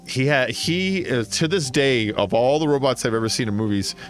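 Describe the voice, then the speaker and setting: A man's voice: medium pitch, normal speed, faint music behind. A man streaming a game, chatting casually and telling long, rambling stories full of fillers. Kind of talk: casual chat while gaming.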